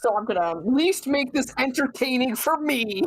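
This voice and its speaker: A woman chatting as a guest on a retro gaming stream, playful with quick quips. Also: sits high, expressive, low-quality recording. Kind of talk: casual group chat while gaming.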